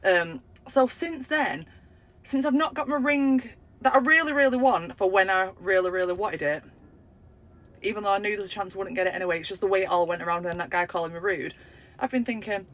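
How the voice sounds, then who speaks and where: A young woman tells a story in casual chat, acting out the voices she quotes with big jumps in pitch. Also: fairly quick, a bit bright, a little hiss or hum.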